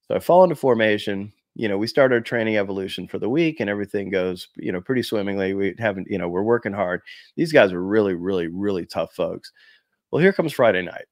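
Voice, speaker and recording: A man in his fifties from the United States, a former Marine, casually telling animated stories to camera with lots of "you know". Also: lowish voice, fast, no echo. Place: small room before a green screen.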